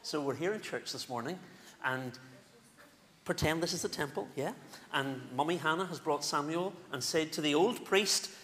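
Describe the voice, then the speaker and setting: A male minister with a Northern Irish accent, giving an animated, playful children's talk in a church service. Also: a little high, normal speed. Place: church sanctuary. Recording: echoey church with faint room noise.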